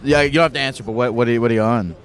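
A man's voice: medium pitch, racing. A man doing casual, joking street interviews outdoors in a city, rambling and playful. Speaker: street interviewer in a gecko costume.

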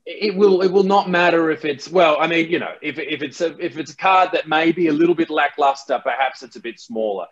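A man's voice: fairly high pitch, brisk, few pauses, muffled recording. A man from Australia with an Australian accent, a guest chatting casually and mocking himself, often restarting his sentences. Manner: laid-back, self-mocking, many restarts. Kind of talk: casual interview chat.

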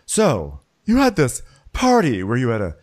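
A man's voice: medium pitch, wildly swooping pitch, a little slow, pitched above the performer's own voice. A man doing a chirpy, flighty impression of a theatrical middle-aged socialite woman in a comic chat.

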